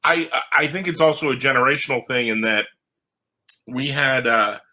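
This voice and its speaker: A man with a very bright, forceful voice tells his stories in a lively way. He is a comic book writer talking on a podcast, and he jumps up in pitch to act out the people he quotes. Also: moderate pace. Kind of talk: animated storytelling in a podcast interview.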